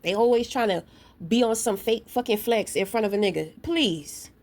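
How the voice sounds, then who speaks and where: A woman ranting straight to her camera, blunt and profane, with a confrontational edge. Her voice sits at a middling pitch for a woman. She tells her story in loose, casual talk, full of asides aimed at the listener. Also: moderate pace, a little mellow. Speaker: vlogger; parent.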